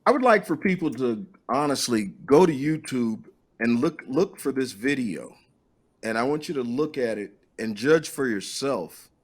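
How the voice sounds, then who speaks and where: A man with an average-pitched voice hosts a conversational podcast interview. He asks probing questions and often stops and restarts his sentences as he works out how to frame them. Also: expressive, moderate pace. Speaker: podcast host.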